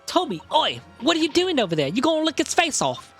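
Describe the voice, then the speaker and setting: A man's voice: very high voice, huge pitch swings, a little fast, a bit bright, faint music behind, voice pushed up, full character voice. A man voicing a scrappy young cockney girl from a game he is reading aloud. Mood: alarmed. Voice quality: cockney-styled slangy speech.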